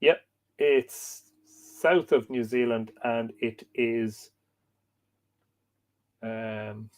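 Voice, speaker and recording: A man's voice: medium pitch, extremely slow, no echo. Guy on a livestream, reads a bit then rambles off chatting with the comments, homey mic. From Ireland. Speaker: livestream host. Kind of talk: live-stream reading and chat.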